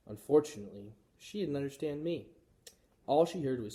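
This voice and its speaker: A male teacher reading a children's chapter book aloud with expressive storytelling. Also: medium pitch, a little fast.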